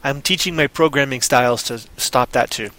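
Bright-voiced joking man, dry sound. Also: medium pitch, brisk, no room sound. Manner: joking, drifts into put-on voices and a mock Canadian accent. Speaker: podcast co-host. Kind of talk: casual chat.

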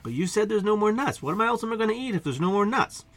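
A man's voice: sits high, lively intonation, fast talker, voice pushed up. A man voicing a huge, hungry male mega squirrel who talks frantically and keeps repeating himself. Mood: anxious.

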